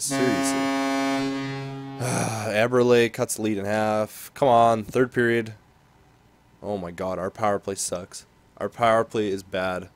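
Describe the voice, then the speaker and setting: Young male gamer, lowish voice, casual commentary, mutters then bursts out in frustration. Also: a little hiss or hum. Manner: exasperated, swinging from mumbling to frustrated outbursts. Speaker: gaming commentator.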